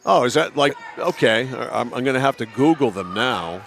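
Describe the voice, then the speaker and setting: A man's voice: mid-range voice, animated, moderate pace, a bit bright. A man calling a basketball game play by play, chatty and teasing with his co-commentator. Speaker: play-by-play announcer. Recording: gym noise behind.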